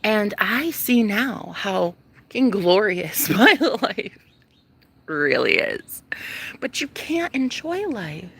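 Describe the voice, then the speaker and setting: A woman in her thirties, a vlogger, ranting casually to her viewers, animated and profane, jumping from loud outbursts to whispers. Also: medium pitch, slow, gravelly, breathy edge. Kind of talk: casual rant to camera.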